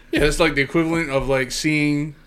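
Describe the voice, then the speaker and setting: Fairly high man reacting crudely. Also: fairly even intonation, moderate pace, a crowd in the background. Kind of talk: casual chat.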